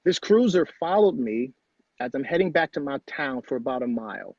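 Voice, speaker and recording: Husky middle-aged man, earnest storyteller. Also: medium pitch, lively intonation, normal speed, darkish tone, no echo, dull audio. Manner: earnest, repeats phrases for emphasis. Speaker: guest. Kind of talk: personal storytelling in conversation.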